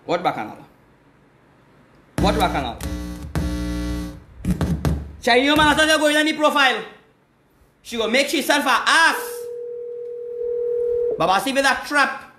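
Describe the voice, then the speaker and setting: A man's voice: very high-pitched, sing-song, a little slow, long pauses, echoey room, music in the background. A man, hosting a live call-in stream, talking in an agitated, repetitive way. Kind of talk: casual live call-in chat.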